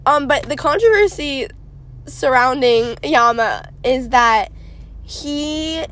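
A woman's voice: high-pitched, expressive, slow, fairly bright tone, a little hiss or hum. A young American woman co-hosting a casual podcast chat, rambling and giggly with lots of fillers. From United States. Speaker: podcast co-host.

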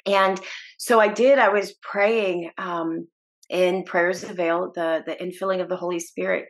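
A woman's voice: lowish voice, steady tone, a little slow. Earnest woman sharing her faith story. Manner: earnest and emotional, with restarts and laughs. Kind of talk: personal testimony in a podcast interview.

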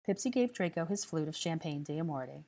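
A woman reading a story aloud as narrator, calm and even. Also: deep voice, fairly quick. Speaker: audiobook reader. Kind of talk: scripted narration.

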